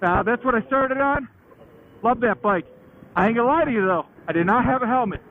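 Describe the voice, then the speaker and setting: High-voiced chatty man, tinny sound. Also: animated, brisk. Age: late 30s. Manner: slangy, chatty, laughs often, swears. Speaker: motorcycle vlogger. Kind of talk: casual rambling storytelling. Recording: tinny phone-like sound with faint noise.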